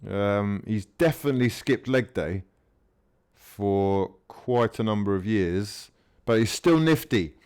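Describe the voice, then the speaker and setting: A man giving live fan commentary while watching a match, swinging between mutters, swearing and shouts at the players. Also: lowish voice, animated, slow, clean tone. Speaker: fan channel host.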